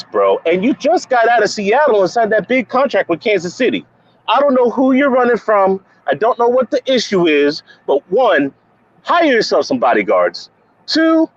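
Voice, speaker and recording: A man who is a sports panel guest, giving emphatic, opinionated commentary full of repeated points and rhetorical questions. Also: high voice. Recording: muffled remote audio.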